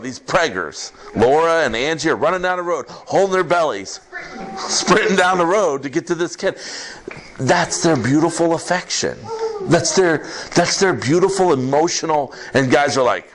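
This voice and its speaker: Male pastor, lively conversational sermon, very expressive pitch, slight background hiss. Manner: animated, conversational preaching with laughs and quick asides. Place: church service with congregation.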